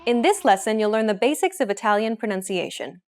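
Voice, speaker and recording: A woman hosting a language lesson, explaining pronunciation in a clear, measured scripted narration. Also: medium pitch, animated, darkish tone, faint music behind. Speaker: host.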